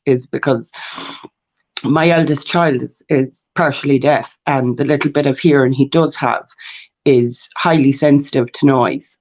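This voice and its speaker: A woman from Mayo with an Irish accent, telling her story as a podcast guest, animated and swearing freely. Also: sits low. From Ireland. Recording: dull lo-fi sound.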